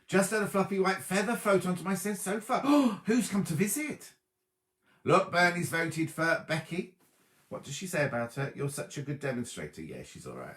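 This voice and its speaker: Man, livestream host, chatty, lively sing-song pitch, echoey room. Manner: chatty, lively and easily distracted. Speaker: host of a sewing show. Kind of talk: casual livestream chat reading viewer comments. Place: at home on a sofa.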